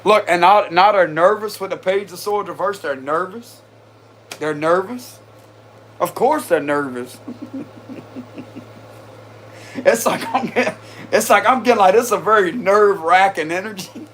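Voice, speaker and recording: A man's voice: high voice, unhurried, pauses often, a bit bright, slight background noise. A man giving a casual tarot reading, chatty and slangy, talking straight to his viewers and often breaking into laughter. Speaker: tarot reader.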